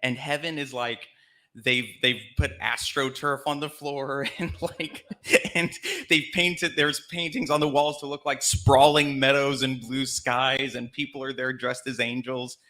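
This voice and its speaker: A man's voice: mid-range voice, level tone, a little slow, bright, forceful tone. A man from Alabama hosting a live storytelling show on a theater stage, telling a comic story in a chatty way and laughing between lines. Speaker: host.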